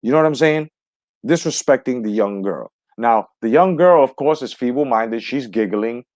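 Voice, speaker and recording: A man's voice: mid-range voice, expressive, normal speed, a little mellow, no room sound. A man hosting a live stream from the United States, ranting with heavy profanity and greeting viewers in the chat. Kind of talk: heated live stream commentary.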